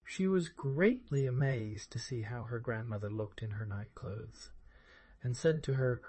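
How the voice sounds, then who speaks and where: A man narrates a fairy tale in a measured, expressive way. His voice is dark and mellow, recorded close and dry with no room sound. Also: mid-range voice, no room sound. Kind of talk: storybook reading.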